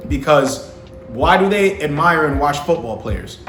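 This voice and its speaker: This young vlogger's voice is fairly high, expressive and a bit bright, moving at a measured pace. He gives men dating advice casually to camera, slangy and profane, often checking that the listener understands, in an echoey room with faint music.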